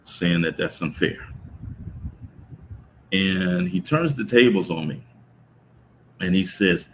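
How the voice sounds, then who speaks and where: A middle-aged man telling a personal story about his son in an interview, speaking in a reflective, halting way with many restarts. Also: sits low, fairly bright tone, a little hiss or hum, low-quality recording. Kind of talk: conversational storytelling.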